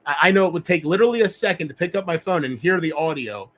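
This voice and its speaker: A man talking alone on a livestream, rambling and reflective, often halting and restarting his sentences. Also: on the high side, animated, fairly bright tone. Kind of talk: rambling solo livestream talk.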